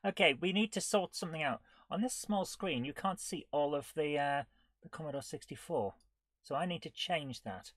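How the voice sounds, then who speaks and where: A woman's voice: deep voice, lively intonation, normal speed, no room sound. A woman chatting casually on a live coding stream, giggling often and reading on-screen text aloud in a playful way. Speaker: retro gaming streamer.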